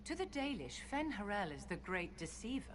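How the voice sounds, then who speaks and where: An actress voicing a calm, knowing woman companion in a video game, explaining matter-of-factly. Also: medium pitch, a little fast, noisy background, lightly acted. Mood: musing. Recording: game audio with clear ambience.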